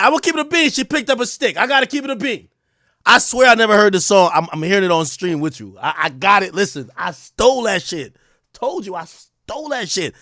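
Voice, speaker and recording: A high-pitched man on a livestream talks to his chat in excitable, profane slang. His voice swings widely up and down as he repeats lines and gets worked up, and the sound is dry and close at a desk mic. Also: no room sound. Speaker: livestream host. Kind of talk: casual livestream reaction commentary.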